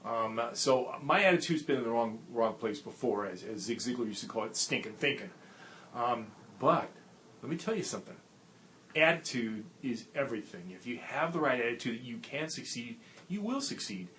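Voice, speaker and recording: A man of middle pitch talks straight to the camera as a folksy, animated storyteller. He gives earnest motivational advice and picks up speed when a story gets going. His voice is recorded on a tablet's built-in mic, with a faint hiss of room noise behind it. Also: normal speed. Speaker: network marketing trainer and show host. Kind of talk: casual to-camera video talk and storytelling.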